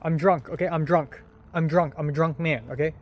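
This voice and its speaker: A young man pretending to be a belligerent drunk man, yelling and repeating himself on a street at night. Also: fairly high pitch, steady tone, brisk, natural voice. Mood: rowdy. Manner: yelling, repetitive, rowdy. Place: empty city street at night.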